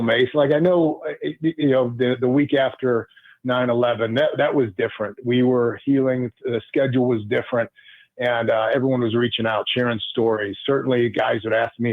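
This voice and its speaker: A man's voice: medium pitch, steady tone, no room sound. Man on a tinny phone line. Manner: earnest, halting, many restarts. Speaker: guest, former pro football player. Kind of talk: casual radio interview storytelling. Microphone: phone call.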